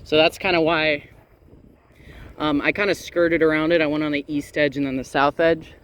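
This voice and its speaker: A transit vlogger cycles through town, narrating casually to a bike-mounted camera, rambling with wry asides and frequent "uh"s. His fairly high, slightly bright voice has a clean tone, fairly even intonation and a moderate pace.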